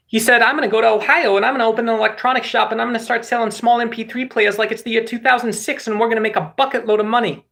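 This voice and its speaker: A man's voice: very high voice, steady tone, very fast, gravelly, few pauses, pushed and bright, voice pushed up, full character voice. A man putting on an impression of a boastful older politician who rambles and repeats himself. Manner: rambling, repetitive bragging. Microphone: phone resting on a box.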